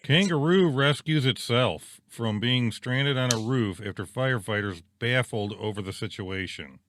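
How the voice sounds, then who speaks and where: A man co-hosting a podcast news quiz in casual chat, relaxed as he reasons out his guesses. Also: mid-range voice, unhurried, slight background noise. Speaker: podcast co-host.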